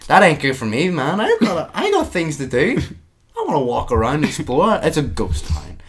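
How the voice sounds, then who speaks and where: A young man co-hosting a casual chat podcast, ranting in an animated way and swearing freely. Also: fairly high pitch, moderate pace, breathy edge. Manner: ranting, animated, swears freely, drifts into mock-dramatic outbursts. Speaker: podcast co-host.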